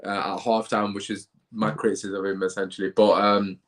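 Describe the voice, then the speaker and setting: A man's voice: fairly low pitch, little pitch movement, brisk, a bit bright. A man hosting a live football reaction stream, talking in a dejected, rambling way with sighs. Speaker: football channel host.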